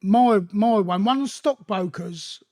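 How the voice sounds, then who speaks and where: A middle-aged London man talking in a high, light voice. He rambles through streetwise stories in a casual interview, swearing freely and doubling back on himself. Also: slow pace, a little mellow. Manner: rambling, profane, streetwise anecdotes.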